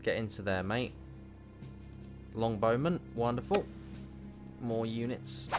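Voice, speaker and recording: A man's voice: mid-range voice, animated, slow. A man casually commentating his gameplay and chatting to his units, with game music behind. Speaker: streamer.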